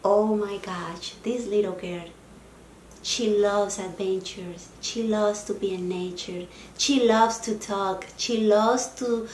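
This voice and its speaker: Woman in her forties, Spanish accent, earnest heartfelt vlogger, mid-pitched, echoey room, faint hum behind. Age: 40s. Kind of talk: personal self-help vlog.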